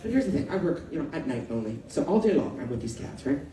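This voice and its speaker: A middle-aged woman from Canada doing a stand-up comedy set, talking in rapid asides with sudden loud, swearing outbursts. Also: low voice, sing-song. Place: comedy club stage. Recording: echoey room with crowd laughter. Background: audience laughter.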